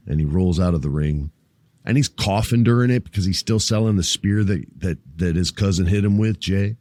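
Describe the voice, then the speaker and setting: A low-pitched man hosts a casual wrestling podcast, chatting loosely and cracking jokes at his listeners. He swears freely and jumps into wrestlers' lines with real energy. The sound is close and dry, with no room around it. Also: brisk, no room sound. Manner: animated, acts out wrestlers' lines in higher, louder voice. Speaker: podcast host.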